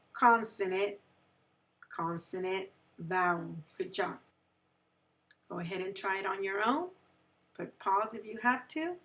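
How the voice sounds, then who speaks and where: A woman's voice: mid-range voice, distant mic. A woman teaching a phonics lesson to young children. She patiently stretches out example words and keeps checking in with "right?". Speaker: second grade teacher.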